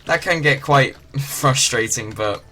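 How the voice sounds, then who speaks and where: Male let's-play host, mid-pitched, rambling chatty delivery, clear game noise under him. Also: unhurried, pushed and bright. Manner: chatty, rambling, with many fillers. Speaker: gaming channel host. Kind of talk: casual game commentary. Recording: game ocean noise behind.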